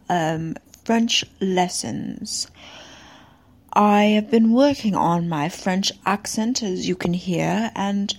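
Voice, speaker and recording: A woman voicing an overeager caller faking a French accent, loud and exaggerated, dragging her words. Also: medium pitch. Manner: loud, exaggerated, slowed-down speech.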